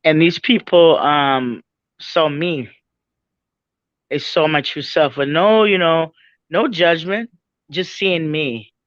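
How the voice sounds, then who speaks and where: A woman's voice: low voice, takes it slowly, pauses often, dry recording. A woman guest telling a personal story with feeling, laughing often and calling her listener "man". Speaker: podcast guest. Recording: dull lo-fi dry sound.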